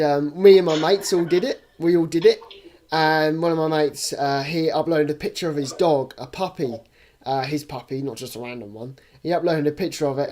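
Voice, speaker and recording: A man's voice: fairly high pitch, a little mellow. A man co-hosting a casual sports podcast, chatty and opinionated, swearing now and then. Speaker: podcast co-host.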